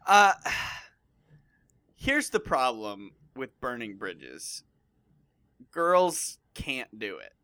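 Tipsy man, lively pitch, bright dry voice, deadpan jokes. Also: drawn-out words, pauses often, smooth, no echo. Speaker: podcast co-host. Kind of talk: casual podcast chat.

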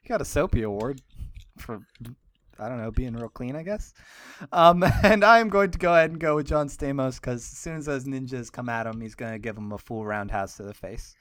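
A man's voice: mid-range voice, a little fast, fairly bright tone, dry recording, clean studio sound. A young man hosting a comedy podcast, joking and laughing as he chats with his co-hosts. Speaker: podcast host. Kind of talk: casual comedic chat.

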